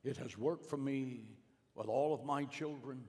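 Dramatic pastor in a reverberant hall. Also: male voice, mid-range voice, measured pace. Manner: dramatic, swings from hushed to emphatic. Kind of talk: sermon storytelling.

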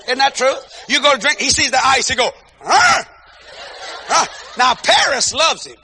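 A man preaching a comic storytelling sermon, animated and bursting into shouted exclamations between praise interjections. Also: extremely high pitch, brisk, slight background noise. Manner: peppers talk with praise interjections.

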